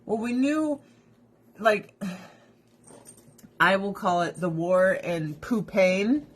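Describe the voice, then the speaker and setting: A woman's voice: medium pitch, expressive, slow pace. A woman hosting a casual livestream from home, ranting bluntly with plenty of profanity. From United States. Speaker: livestream host. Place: at home with pets.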